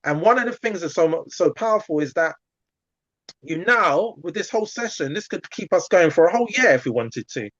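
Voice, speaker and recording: Casting: male coach in a chatty video-call masterclass, slightly high voice, dull dry sound. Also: brisk, no echo. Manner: chatty, animated, acts out examples. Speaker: community coach.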